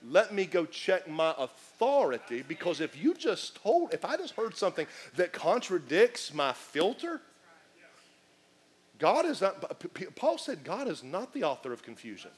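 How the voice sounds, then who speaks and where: A man preaching a sermon, animated and full of acted asides and shouted lines. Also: high voice, normal speed, husky. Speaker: pastor.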